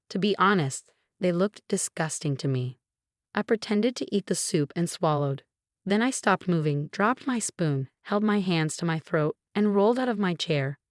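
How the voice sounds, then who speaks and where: A woman reading a scripted first-person story in an even, steady way. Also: on the low side, dry recording, studio quality. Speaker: story narrator.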